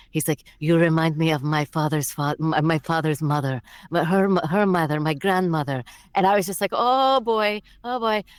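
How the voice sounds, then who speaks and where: Low-voiced chatty woman voice actor. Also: clean tone, no room sound. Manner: chatty, animated, many fillers and restarts. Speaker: voice actress. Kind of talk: casual interview answers.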